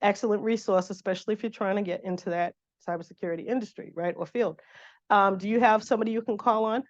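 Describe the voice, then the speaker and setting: A woman's voice: mid-range voice, fast talker. A woman teaching a career workshop in a chatty, casual way, often acting out sample calls to contacts. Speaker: workshop instructor. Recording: dull lo-fi room recording.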